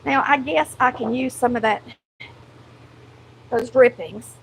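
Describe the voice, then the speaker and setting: A woman's voice: on the high side, takes it slowly, vocal fry, slight background noise, low-quality recording. A woman with a country Southern accent hosting a cooking show, chatting folksily to viewers while she cooks in her kitchen. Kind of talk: casual cooking chat to viewers. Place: home kitchen.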